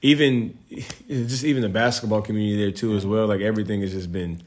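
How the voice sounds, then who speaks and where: A man's voice: fairly low pitch, quick pace. A man in his thirties, a guest chatting casually and easygoingly in a room at home. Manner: laid-back, relaxed, uses casual fillers. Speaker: guest, basketball player. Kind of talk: casual conversation. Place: indoors, home room with jerseys on wall.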